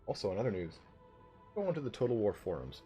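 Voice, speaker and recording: Guy streaming from his room, chatty and swears a lot, super lively up and down voice. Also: on the low side, fast talker, highs cut off, soft background music. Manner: joking, profane, chatty with viewers. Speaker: livestream host of a game league. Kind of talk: casual live-stream chat.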